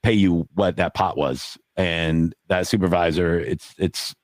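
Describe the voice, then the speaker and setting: A man's voice: sits low, steady tone, measured pace, no room sound. A man on a poker podcast, telling a story in a casual, rambling way with many fillers and acted-out quotes.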